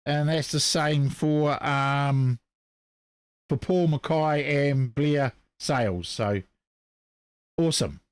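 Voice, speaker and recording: Kiwi guy co-hosting a speedway chat, fairly high voice, kinda losing it, dry sound. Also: takes it slowly, long pauses, smooth, no echo. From New Zealand. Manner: chatty, apologetic, reads out comments. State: losing his voice. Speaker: co-host. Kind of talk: casual live-stream chat.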